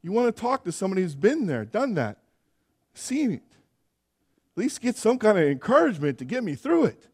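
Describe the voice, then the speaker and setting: A man's voice: high-pitched, wildly swooping pitch, brisk, long pauses, darkish tone, breathy edge. A younger man preaching a sermon as pastor in a church, earnest and building to emphatic exhortation.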